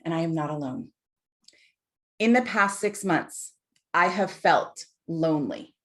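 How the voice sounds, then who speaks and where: A woman's voice: low voice, expressive, unhurried. Earnest woman in her forties on a video call. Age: 40s. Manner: earnest, heartfelt, emphatic. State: tearful at times. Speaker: guest speaker on mental health. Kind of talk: live online talk.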